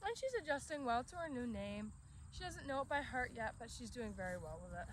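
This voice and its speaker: A woman dog trainer explaining commands outdoors in a relaxed way, breaking off to give short commands to her dog. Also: on the high side, a little fast. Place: outdoors in a grassy yard. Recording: outdoor recording with crickets and background noise.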